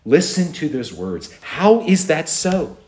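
A man's voice: on the high side, very animated, takes it slowly, a little mellow. A man preaching a sermon, earnest, with rhetorical questions and repeated refrains. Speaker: pastor. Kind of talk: expository sermon.

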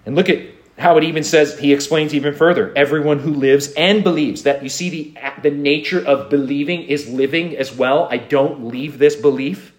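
A man's voice: fairly high pitch, fairly even intonation, normal speed, hardly any pauses. A man preaching a sermon, earnest, with rhetorical questions and repeated refrains. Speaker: pastor. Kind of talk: expository sermon.

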